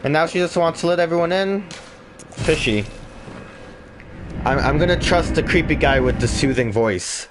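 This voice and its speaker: A man's voice: on the high side, normal speed, long pauses, noisy background. A man casually commenting on his video game playthrough in a joking, sarcastic way. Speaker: let's play host. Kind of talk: gaming commentary. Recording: game music underneath.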